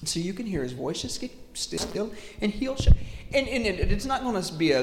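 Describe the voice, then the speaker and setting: A man preaching a sermon in an animated way, acting out quoted voices and often repeating words. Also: extremely high pitch, brisk. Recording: echoey hall, faint noise.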